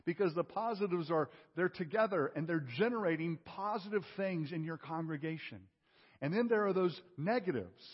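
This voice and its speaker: A male pastor preaching a sermon, asking rhetorical questions and swinging from loud emphasis to hushed tones. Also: high voice, normal speed, breathy edge. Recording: dull audio with long hall reverb.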